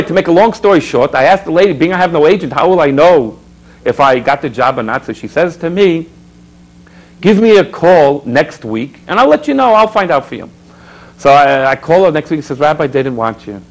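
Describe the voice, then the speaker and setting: This public access TV rabbi has a fairly high, expressive voice and a fairly quick pace. He exhorts his audience, asks rhetorical questions and tells stories in an animated preaching style, captured on a low-quality recording.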